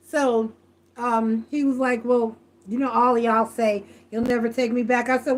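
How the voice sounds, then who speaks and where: A woman's voice: a little high, moderate pace. A woman doing a live tarot reading, blunt, profane and rambling, stressing her points again and again. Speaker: tarot reader.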